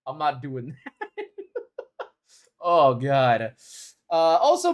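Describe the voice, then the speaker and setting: A man streams a game and chats casually with viewers, laughing a lot, swearing freely, and playfully defending himself. His fairly high voice has a sing-song quality, a measured pace, and frequent pauses.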